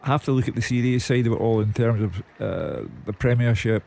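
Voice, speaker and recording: A man's voice: medium pitch, brisk, gravelly, mellow. A man giving wry football punditry in a radio studio. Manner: dry, wry storyteller.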